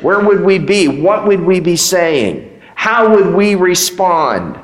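A man preaching a sermon as pastor, animated, with rising emphasis and rhetorical questions. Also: high voice, slow. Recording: echoey hall.

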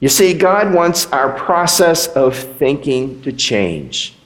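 A man preaching a sermon as pastor, animated, with rising emphasis and rhetorical questions. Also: fairly high pitch, takes it slowly. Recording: echoey hall.

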